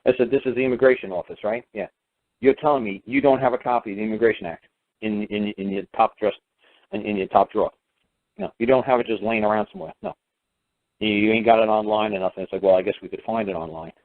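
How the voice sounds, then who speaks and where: A man's voice: on the low side, creaky. A man hosting a radio show, ranting bluntly about a run-in with officials and acting out both sides of the argument. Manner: blunt, fast-talking, mimics officials in quoted exchanges; swears casually and scoffs. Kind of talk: ranting monologue with acted-out dialogue. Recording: dry phone-line radio audio.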